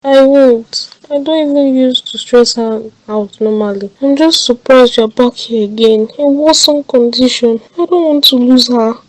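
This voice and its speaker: A woman's voice: on the high side, unhurried, hardly any pauses, a little mellow, close to an everyday voice, poor audio. A woman with a Nigerian accent playing a young woman caring for her sick grandmother, talking in an earnest, anxious way. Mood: worried.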